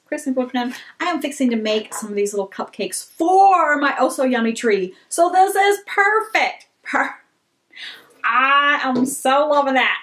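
Woman vlogger, high, unhurried voice, excitable and gushing. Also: a little hiss or hum. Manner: gushing, excitable, gasps and squeals. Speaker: vlogger opening fan mail. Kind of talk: casual chat.

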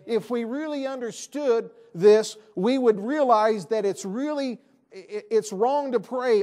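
A pastor preaches to his church in a high-pitched man's voice. He presses his points hard and repeats his key lines for emphasis. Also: unhurried, warm tone. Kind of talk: sermon. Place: church sanctuary.

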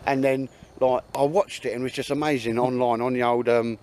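A man's voice: medium pitch, steady tone, brisk, darkish tone. A middle-aged man chatting casually to camera outdoors in the woods, rambling and laughing at his own stories. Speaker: vlogger. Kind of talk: casual outdoor vlog chat.

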